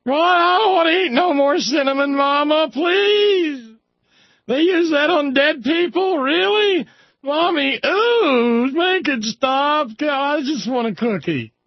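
A man voicing a fretful little child who whines tearfully in a very high voice. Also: animated, slow pace, vocal fry, dry recording, exaggerated voice. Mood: whiny. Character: whiny small child, squeaky and fretful. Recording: slightly dull lo-fi sound.

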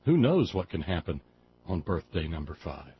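With a low-pitched, very animated voice and a moderate pace, a man from West Virginia hosts a liberal talk radio program. His political monologue is folksy, digressive, and impassioned, heard on dull lo-fi audio with faint background noise.

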